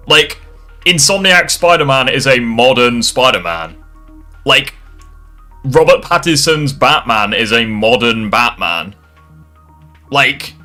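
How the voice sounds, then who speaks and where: A man's voice: mid-range voice, bright, forceful tone. A young man reacting live to a video, sarcastic and exasperated, swearing often.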